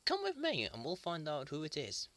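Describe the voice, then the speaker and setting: A woman's voice: deep voice, huge pitch swings, normal speed, a bit bright, no echo. A woman hosting a children's toy show, telling it in a playful, theatrical way with dramatic whispers.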